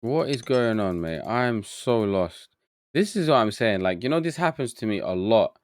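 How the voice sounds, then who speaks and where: A man's voice: mid-range voice, sing-song, moderate pace, no echo, clean studio sound. A man streaming a game live, muttering to himself as he gets confused and chatting with his viewers. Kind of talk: live gameplay commentary.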